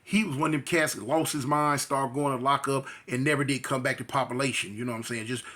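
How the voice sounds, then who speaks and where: A man's voice: medium pitch, quick pace. A man from California, telling a story in a casual, slangy way and acting out voices and sound effects. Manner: animated, acts out quotes and sound effects, slangy. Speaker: storyteller recounting jail experiences.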